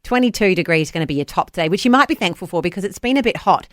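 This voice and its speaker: A woman's voice: fairly low pitch, lively intonation, racing, no room sound, clean studio sound. Bubbly woman radio host. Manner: bubbly, laughs often. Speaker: radio breakfast show host. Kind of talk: casual radio banter. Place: radio studio.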